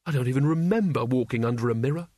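A man reading a comic fantasy novel aloud as narrator, in a wry, measured storytelling manner. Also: mid-range voice, dark tone, no echo, clean studio sound. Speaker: audiobook narrator. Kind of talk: scripted narration.

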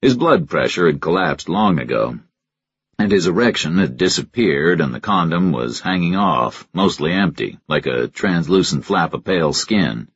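A man narrating a first-person crime story in a measured, deadpan way. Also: low voice, slightly rough, no room sound, highs cut off. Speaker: audiobook narrator.

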